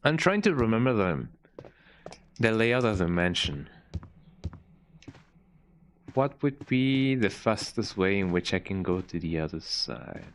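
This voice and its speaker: Rambling male streamer with lively pitch. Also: slow pace, long pauses. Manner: rambling, frequent "eh?" tag and restarts. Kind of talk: casual gameplay commentary.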